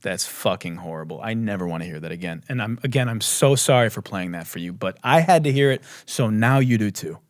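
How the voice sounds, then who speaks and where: A man's voice: on the low side, lively intonation, brisk, few pauses, dry recording. A man hosting a comedic commentary show, ranting sarcastically. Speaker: host.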